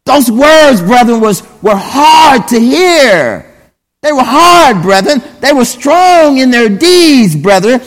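A man's voice: very high-pitched, sing-song, a bit bright. A man preaching a sermon emphatically, repeatedly addressing his listeners as brethren. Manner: emphatic, repeatedly saying "brethren", drawn-out pauses. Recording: long hall reverb.

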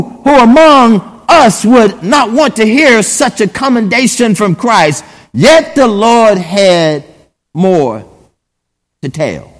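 A man preaching a sermon emphatically, repeatedly addressing his listeners as brethren. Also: sits high. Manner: emphatic, repeatedly saying "brethren", drawn-out pauses. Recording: long hall reverb.

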